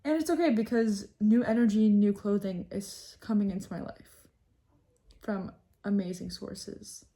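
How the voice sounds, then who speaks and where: A young woman in her twenties chatting casually to camera in a vlog, self-mocking and often dropping into soft asides. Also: mid-range voice, lively intonation, moderate pace. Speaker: vlogger. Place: on the move, home, train and hotel room.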